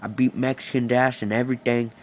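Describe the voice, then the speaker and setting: A man's voice: mid-range voice, little pitch movement, fast, a little hiss or hum. A man telling a rambling, profane, boastful improvised stand-up story into a phone. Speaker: amateur comedian.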